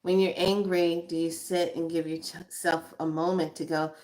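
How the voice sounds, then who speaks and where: A woman giving a guided spiritual card reading, slow and reflective, repeating her questions to the listener. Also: lowish voice, flat delivery, darkish tone.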